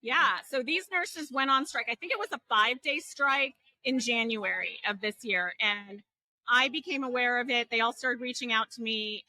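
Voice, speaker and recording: A woman's voice: a little high, sharp tone, no room sound, rough recording. A jet-lagged woman hosting a podcast, chatting casually in a teasing, outspoken way. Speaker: podcast host. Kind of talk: casual chat.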